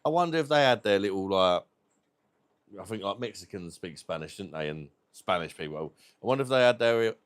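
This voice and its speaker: A man's voice: sits low, expressive, fairly quick. A British man hosting a livestream, chatting casually and rambling, swearing freely. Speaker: livestream host.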